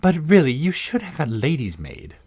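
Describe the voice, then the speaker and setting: A man's voice: fairly high pitch, wildly swooping pitch, normal speed, a little mellow, slightly rough, voice pushed up, exaggerated voice. A man voicing a curious, polite young girl in a storybook reading, raising his voice to sound earnest and inquisitive.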